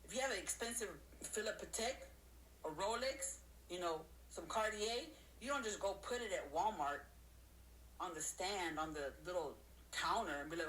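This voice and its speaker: A woman giving a casual motivational talk to her audience, counting off her points and acting out other people's voices in high squeals. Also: moderate pace, fairly bright tone, slight background noise, rough recording. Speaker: motivational speaker.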